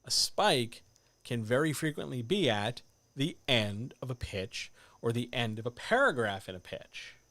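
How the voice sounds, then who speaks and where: A man coaching writers in a livestreamed talk, animated and addressing listeners directly, with muttered asides to himself. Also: mid-range voice, unhurried, dry recording. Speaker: writing coach. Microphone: desk microphone.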